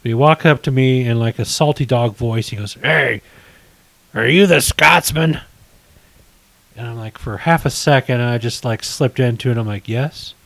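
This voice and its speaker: A man's voice: mid-range voice, fairly quick, hardly any pauses, rough recording. A middle-aged man co-hosting a casual podcast, telling rambling stories and correcting himself as he goes. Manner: rambling storyteller, self-correcting. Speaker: podcast co-host. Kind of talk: casual chat.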